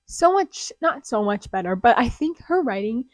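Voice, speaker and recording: A young woman chatting casually about books she read, gushing and dropping into excited whispers. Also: fairly high pitch, moderate pace, no room sound. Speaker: booktuber. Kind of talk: casual book review vlog. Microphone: close desk mic.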